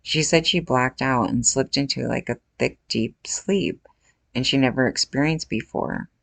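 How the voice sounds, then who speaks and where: A gravelly, fry-heavy woman in her forties talks straight to her viewers in a loose, unscripted rant. Her tone is blunt and indignant, with casual swearing, and the sound is close and dry with almost no room around it. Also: very deep voice, unhurried, a bit bright, dry recording. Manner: blunt, outraged, swears freely. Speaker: true-crime commentary vlogger. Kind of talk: casual reaction commentary.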